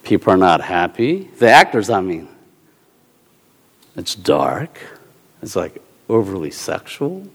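A man preaching a sermon in an animated, storytelling way, repeating short phrases for emphasis and bursting into loud shouts. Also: on the low side, slow pace. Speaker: pastor. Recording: long hall reverb.

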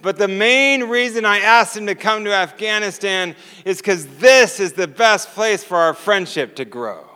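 A man's voice: high voice, moderate pace, clean tone, big-room sound. A man doing an eager, gushing Jesus. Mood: excited. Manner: excited, gushing. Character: eager joyful male Jesus awaiting his friend.

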